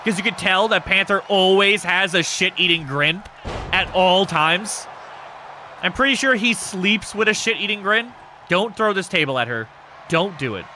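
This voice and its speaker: Bright, animated male streamer. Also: high-pitched, moderate pace, slight background noise. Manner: excitable, joking, swears freely. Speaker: streamer hosting a wrestling show. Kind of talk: casual live-stream chat with viewers.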